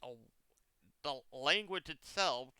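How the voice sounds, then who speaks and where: A young man with a very smooth, clear, slightly high voice rambles through a comic story, throwing in exaggerated quoted lines. He sounds close and dry, as if on a streaming mic. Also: takes it slowly, bright, forceful tone, no room sound. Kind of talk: casual chat.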